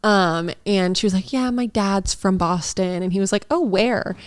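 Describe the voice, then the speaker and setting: A woman's voice: medium pitch, normal speed, clear, resonant tone. A young woman from Massachusetts co-hosting a podcast, telling gossipy stories in casual chat with lots of "like". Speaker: podcast co-host.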